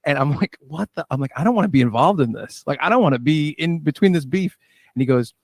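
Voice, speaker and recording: A man, a musician and director, telling lively stories in a casual interview and acting out what people said. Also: fairly high pitch, fast talker, no echo, clean studio sound. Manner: animated storyteller, acts out quoted dialogue.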